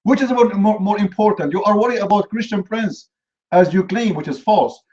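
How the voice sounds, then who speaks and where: A man hosts a heated live online debate, his voice sitting a little high. He lectures and mocks his opponent combatively. The audio comes through dull and lo-fi. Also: fairly quick, darkish tone. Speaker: debate host.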